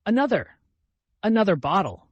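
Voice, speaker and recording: A man voicing a grief-stricken young man who talks in loud, impassioned, breathless outbursts. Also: fairly high pitch, big pitch swings, moderate pace, no room sound, lo-fi sound. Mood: wild, excited.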